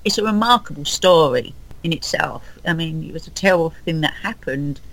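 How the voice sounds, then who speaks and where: A woman with a London accent, speaking as a podcast guest in an unhurried, hesitant way with restarts. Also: low voice, expressive, a bit bright, low-quality recording. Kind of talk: podcast interview.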